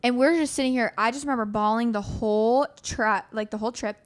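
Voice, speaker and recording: A young woman hosts a casual podcast, telling childhood stories fast and animatedly with plenty of swearing. Her voice sits a little high.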